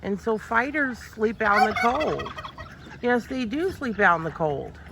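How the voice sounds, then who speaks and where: Lady doing farm chores, slow gravelly voice, talks sing-songy to her animals, noisy outdoor audio w turkeys gobbling. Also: lively intonation. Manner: talks to animals in a high sing-song voice, voices what they think. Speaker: farm vlogger. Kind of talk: casual vlog narration while doing farm chores. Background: turkeys and fowl gobbling.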